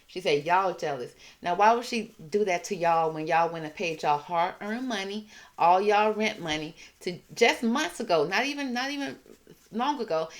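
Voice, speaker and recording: A woman hosting a casual commentary show, reacting in a sassy, mocking way. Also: lowish voice. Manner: sassy, mocking, drawn-out emphasis. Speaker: commentary channel host.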